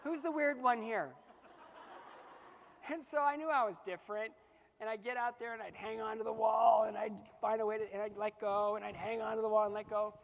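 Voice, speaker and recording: Male motivational speaker, lively storyteller who laughs easily, in a big reverberant hall. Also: sits high, fast, vocal fry, a little hiss or hum. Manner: animated, acts out dialogue, laughs often. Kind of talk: keynote storytelling to a live audience.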